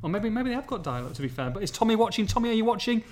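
A man hosts a casual live-streamed podcast in a voice pitched a little high. He is excitable and jokey, rambling and restarting his sentences as he talks. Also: very fast. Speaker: podcast host.

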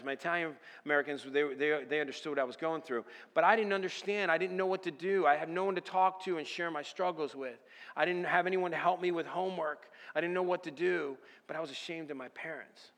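Earnest man preaching in a reverberant hall. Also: fairly high pitch. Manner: earnest preaching, by turns fervent and quietly confessional. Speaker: pastor. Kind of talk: sermon. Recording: long reverb of a large hall.

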